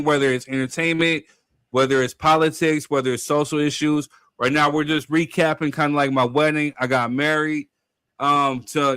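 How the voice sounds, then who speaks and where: Male live-stream host, slightly high voice, dry close sound, animated storyteller. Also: clean tone, no room sound. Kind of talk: casual live-stream chat.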